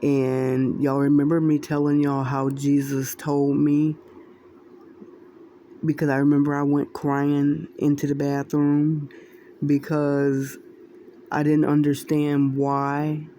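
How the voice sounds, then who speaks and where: A woman's voice: low-pitched, completely flat delivery, slow pace, mellow, slight background noise. A woman casually sharing a spiritual dream with her viewers, rambling, repeating herself and laughing often. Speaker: Christian video creator sharing dreams.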